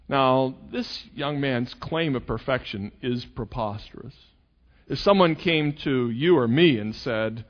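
A man's voice: mid-range voice, animated, unhurried. A male pastor preaching a sermon, acting out quoted voices with sarcasm. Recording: dull sound with long hall reverb.

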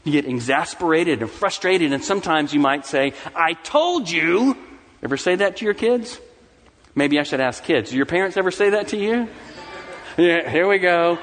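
A middle-aged man preaching a sermon as pastor, swinging from soft, low asides to rising, emphatic declarations. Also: moderate pace, big-room sound, slight background noise. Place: church sanctuary.

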